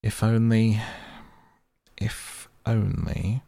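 A man's voice: low voice, lively intonation, normal speed, creaky, a little mellow, no echo, heavily acted. A man doing a wry, kindly storybook rat. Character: kindly but knowing male water rat.

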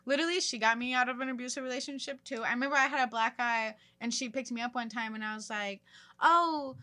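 A woman's voice: on the high side, steady tone, fast talker, pushed and bright. A young woman hosting a podcast in casual chat, loose and profane, with lots of "like". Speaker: podcast host.

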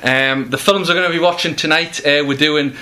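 A British man hosts a casual film podcast in a bright, forceful voice. He talks slowly and hesitantly, leaning on fillers as he goes. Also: a little high, steady tone. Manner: hesitant, filler-heavy, slow. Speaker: podcast host. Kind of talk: casual chat.

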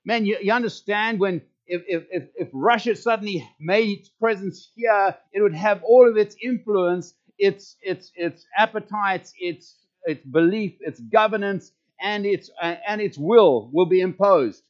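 South African man, pastor, fervent sermon, fairly high voice, dull lo-fi sound. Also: measured pace. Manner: fervent, emphatic preaching with repeated words. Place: church service. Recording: dull lo-fi recording.

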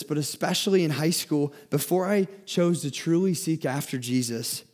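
A man's voice: a little high, a little mellow. Earnest young man preaching. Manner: earnest, often repeats and restarts words. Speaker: speaker giving a talk. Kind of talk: sermon.

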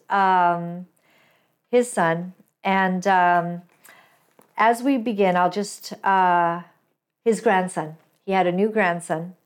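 Woman host, slow and reflective, ums and corrects herself as she goes, faint music underneath. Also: medium pitch. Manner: unhurried, reflective, with frequent ums and self-corrections. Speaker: podcast host. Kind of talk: casual talk with scripture reading.

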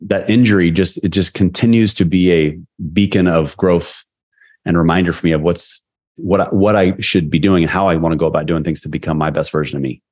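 A man in his forties, a sales leader, telling a personal story in an interview, acting out quotes with lively energy. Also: low-pitched, fairly quick. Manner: animated, acts out quotes. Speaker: guest, sales leader and coach.

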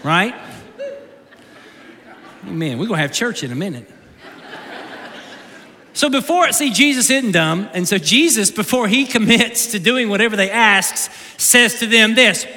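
A man preaching in a high, sharply bright voice that swings widely up and down, joking with the congregation and doubling back on his words. The sound rings with the long reverb of a large church hall. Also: measured pace, long pauses. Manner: animated, joking, repeats words mid-sentence. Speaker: pastor. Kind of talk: humorous sermon.

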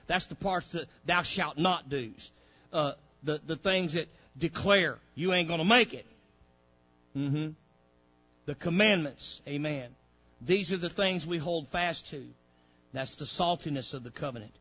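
Fiery high-voiced preacher. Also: male voice, husky, muffled recording. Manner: swings from low murmurs to loud shouted peaks, acts out voices. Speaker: pastor. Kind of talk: sermon.

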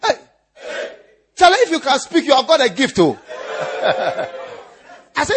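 A man preaching a sermon as pastor, teasing his listeners with repeated lines and breaking into shouts and laughter. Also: very high voice, wildly swooping pitch, moderate pace, pauses often, crowd noise, background noise.

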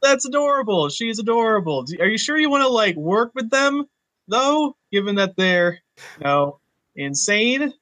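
A man playing a tabletop role-playing game, animated and excitable. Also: high voice, moderate pace. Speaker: player. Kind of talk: tabletop role-play, casual chat.

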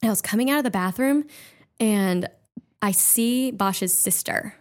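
A woman's voice: medium pitch, unhurried. A woman comedian guest in casual chat, who swears freely and laughs as she tells an emotional story.

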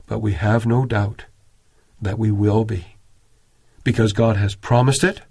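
A man preaching a sermon in an earnest, measured way, raising his voice when he quotes prayers. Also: on the low side, fairly even intonation, vocal fry, darkish tone, slightly rough.

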